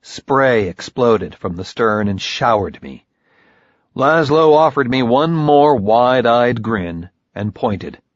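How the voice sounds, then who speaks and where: A man narrating a first-person audiobook in a measured, grim storytelling manner. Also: medium pitch, animated, no echo. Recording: dull lo-fi recording.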